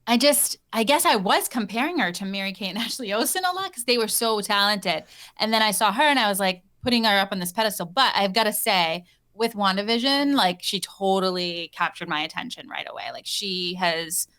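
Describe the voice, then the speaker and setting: A woman guest on a podcast in casual chat, agreeable and quick to laugh. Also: medium pitch, expressive, a bit bright. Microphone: remote call with earpiece.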